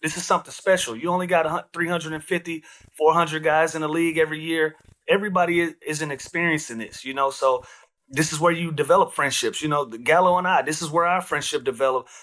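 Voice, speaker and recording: Animated, laid-back man telling stories. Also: on the high side, quick pace. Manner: relaxed, animated storyteller, frequent fillers. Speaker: guest, retired basketball player. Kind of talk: casual interview storytelling.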